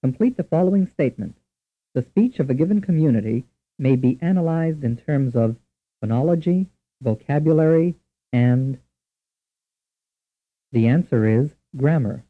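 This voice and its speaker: A male instructor with a husky voice and lively pitch narrates a scripted language lesson in a measured, deliberate way, spelling out each question and answer. It plays from an old, tinny lo-fi tape.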